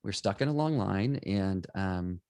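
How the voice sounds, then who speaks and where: A middle-aged man, a photographer and guest, telling stories in conversation and acting out bits of dialogue with lively energy. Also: deep voice, measured pace, clean tone, dry recording. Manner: animated, acts out quoted dialogue. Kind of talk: conversational storytelling.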